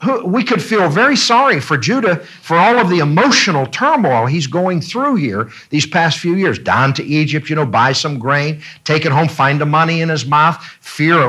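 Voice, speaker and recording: Bible teacher, man, husky bright voice, big swings in pitch, leads a class. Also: normal speed. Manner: animated, repeats words, many fillers.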